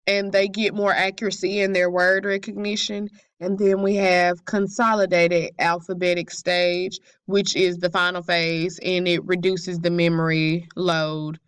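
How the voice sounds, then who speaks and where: A woman's voice: lowish voice, fairly bright tone, smooth, dry recording. A young woman student reading her class presentation aloud carefully, with occasional slips.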